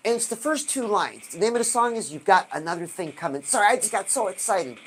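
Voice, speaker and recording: A woman hosting a live stream, giving an animated motivational talk and asking her viewers rhetorical questions. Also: mid-range voice, fast talker, slight background noise. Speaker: livestream host.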